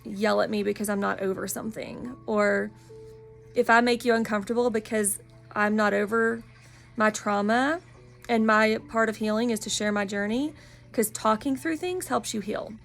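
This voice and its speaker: A woman's voice: mid-range voice, steady tone, normal speed, vocal fry, soft background music. A woman in her thirties, a spiritual wellness practitioner, talking in a casual vlog monologue, earnest and encouraging and openly personal.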